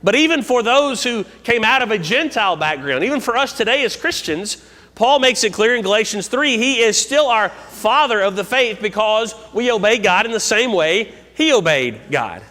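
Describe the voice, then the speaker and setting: A man's voice: sits high, sing-song, normal speed, bright, forceful tone. A man preaching a sermon, reading scripture verses aloud and explaining them phrase by phrase. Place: church sanctuary. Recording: long church hall reverb.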